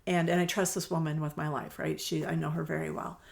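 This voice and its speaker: A deep, gravelly, slightly mellow voice with little pitch movement, fairly quick, belongs to a middle-aged quilt shop owner guesting on an interview podcast. Chatty and quick to laugh, she tells stories and acts out the dialogue in a casual conversation.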